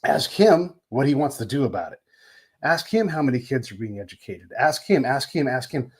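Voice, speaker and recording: A man hosting an interview, telling profane, animated stories and acting out the voices of people in them. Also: medium pitch, moderate pace, husky. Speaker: podcast host. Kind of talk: casual interview chat.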